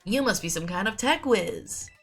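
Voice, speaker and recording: A woman's voice: medium pitch, animated, moderate pace, vocal fry, faint music behind, pitched above the performer's own voice. A woman with a sore throat reading the lines of an eager, battle-loving teenage girl in a peppy way. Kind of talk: reading game dialogue aloud.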